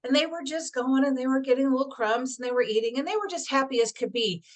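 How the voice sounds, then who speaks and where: A woman's voice: high-pitched, lively intonation, fast, few pauses. Enthusiastic woman leading a motivational workshop. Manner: enthusiastic, laughs often. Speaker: workshop host and motivational coach. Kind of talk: motivational workshop talk with storytelling.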